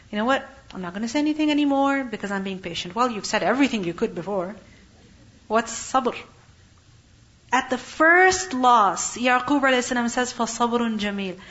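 A woman giving a religious lesson, asking questions and answering them herself, and reciting verses slowly. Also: on the high side, fairly bright tone, lo-fi sound. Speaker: Quran teacher.

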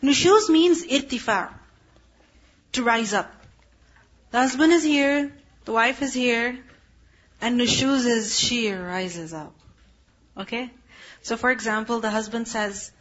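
Brief: woman religious teacher, high breathy voice, explains step by step and keeps asking if listeners follow. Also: slow, long pauses, fairly bright tone, muffled recording. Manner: explanatory, checks in with rhetorical questions. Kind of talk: Quranic explanation lesson.

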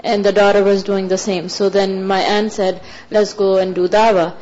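A woman student sharing a personal story in class, earnest and halting with fillers, on a dull lo-fi recording. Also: mid-range voice, flat delivery, darkish tone.

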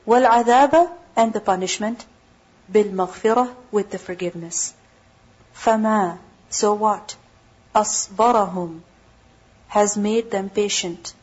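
A woman teaching a lesson, reading scripture one word at a time and giving the English meaning after each word in a slow, measured way. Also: medium pitch, steady tone, husky, highs cut off.

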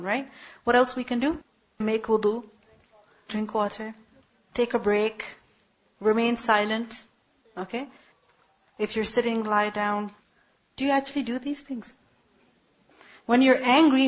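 A woman's voice: a little high, husky, highs cut off. A woman teaching an Islamic lecture in an earnest, emphatic way, often asking her listeners questions. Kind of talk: religious lecture.

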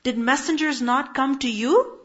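A high-voiced woman teaches a Quran lesson, breaking each Arabic word down and pressing her points with rhetorical questions. The recording is a little muffled and lo-fi. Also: measured pace, fairly bright tone. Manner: explains Arabic words step by step with rhetorical questions. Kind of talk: religious lesson on Quranic verses.

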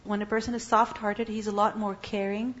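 Speaking a little fast and with a flat delivery, a medium-pitched woman teaches an Islamic lesson. She asks her listeners questions, then answers them on her own. The sound quality is dull and lo-fi.

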